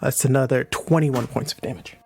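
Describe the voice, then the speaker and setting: A man's voice: mid-range voice, fairly even intonation, a little fast, darkish tone, faint music behind. A man playing a tabletop game, casually describing his character's actions in vivid detail. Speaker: player.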